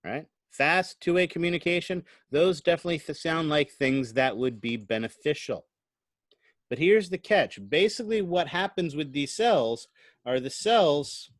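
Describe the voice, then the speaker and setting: A college lecturer with a fairly high-pitched male voice records an online lecture into his computer microphone. He explains things conversationally, often checking in with "right?", and the recording is dry.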